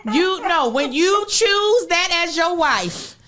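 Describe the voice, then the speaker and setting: A woman's voice: very high-pitched, animated, slow, crowd noise. A woman co-hosting a comedy podcast, teasing and laughing in casual chat. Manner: teasing, laughing, repeats "bless your heart". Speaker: podcast co-host.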